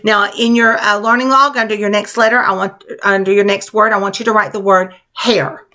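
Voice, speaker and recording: A woman's voice: mid-range voice, steady tone, a little fast, bright, forceful tone. A woman teacher leading young children through a spelling lesson, coaching them patiently in a sing-song classroom manner.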